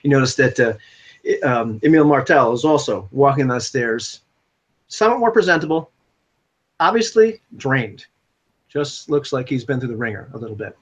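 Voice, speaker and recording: A man's voice: medium pitch, animated, moderate pace. Rambling, chuckling game master, a man. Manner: rambling, chuckling, lots of fillers. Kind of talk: narrating a tabletop role-playing game. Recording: dull lo-fi recording.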